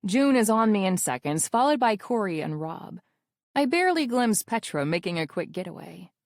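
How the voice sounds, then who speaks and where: A woman's voice: medium pitch, big pitch swings, normal speed, dry recording, clean studio sound. A woman narrating a romance audiobook in the first person, wry and intimate in her telling.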